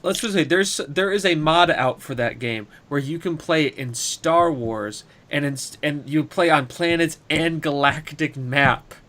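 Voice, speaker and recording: A man co-hosting a gaming podcast, chatting casually with low-key drawling asides. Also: unhurried, few pauses, a bit bright. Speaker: podcast co-host. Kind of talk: casual chat.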